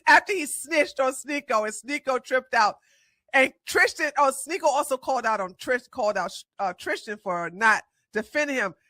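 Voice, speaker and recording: A woman hosting a casual livestream chat, emphatic and animated, stumbling through fillers as she reads aloud. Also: sits high, dry recording. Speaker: stream host.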